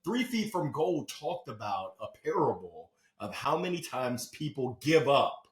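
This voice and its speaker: A man who is a motivational speaker, talking as a podcast guest in an animated, storytelling way with sudden loud bursts. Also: mid-range voice, a little slow. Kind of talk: energetic interview talk. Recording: roomy echo.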